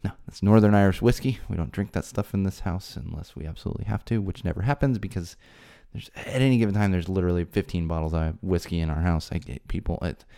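Male podcast host, lowish mellow voice, exasperated rants that jump up in pitch. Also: fast talker, vocal fry, hardly any pauses. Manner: exasperated ranting, voice climbing high when worked up. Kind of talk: solo podcast rant. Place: home studio.

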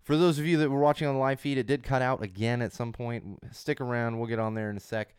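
A man in his thirties with a hoarse voice from a cold, hosting a podcast in a casual, rambling monologue with lots of restarts and emphatic repeats. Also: mid-range voice, steady tone, quick pace, no room sound, studio quality. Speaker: podcast host.

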